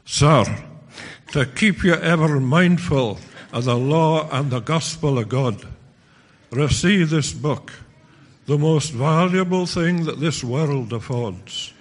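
A man with a Scottish accent giving a measured, solemn ceremonial reading in a church service. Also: on the high side. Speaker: congregation member reading aloud.

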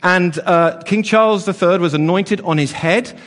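A man's voice: sits high, normal speed, a bit bright. A man leading an all-age church service, chatty and playful with the children, with lots of fillers and restarts. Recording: long church reverb.

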